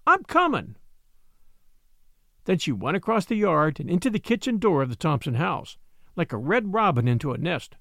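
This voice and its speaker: A man reads an old storybook tale aloud with expressive, unhurried narration. His voice sits a little high for a man and moves lively in pitch. The recording is close and dry, with no room sound. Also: gravelly, no echo. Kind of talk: storybook reading.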